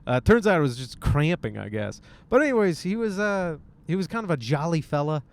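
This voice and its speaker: A man's voice: fairly high pitch, sing-song, fairly quick. A man in his thirties from Michigan, a stand-up comic hosting a rambling solo podcast, over-caffeinated and tired, casual and swearing, tossing in jokey voiced impressions. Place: in a car.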